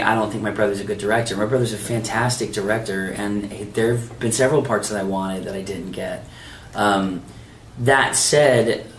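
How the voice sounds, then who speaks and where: A male voice actor telling lively anecdotes in an interview, acting out the voices of people he quotes. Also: lowish voice, echoey room, distant mic, a little hiss or hum. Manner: animated anecdote teller, acts out quoted dialogue. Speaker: voice actor guest. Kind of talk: storytelling interview. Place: anime convention.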